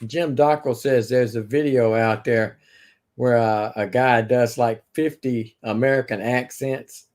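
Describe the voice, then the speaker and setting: Regular guy on a livestream, laid back, casual chatting, mid pitch. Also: unhurried. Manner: relaxed, easy laughs and short agreements. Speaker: regular co-host. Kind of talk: casual chat.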